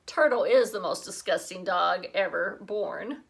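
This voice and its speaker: A woman reading aloud, voicing a bossy young girl who speaks in an indignant, sharp way. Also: mid-range voice, measured pace, vocal fry, voice pushed down. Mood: snippy.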